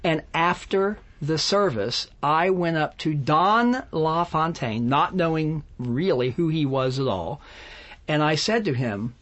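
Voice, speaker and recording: A man from West Virginia, a songwriter, telling funny anecdotes in conversation with a self-deprecating, animated manner and frequent laughs. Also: fairly high pitch, slow. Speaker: songwriter guest.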